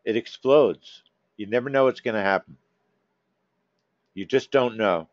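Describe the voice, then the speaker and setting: A man's voice: on the low side, unhurried, no room sound. A man hosting a live trading room, talking casually to members by name, coaxing and teasing them. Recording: dull, dry lo-fi stream audio.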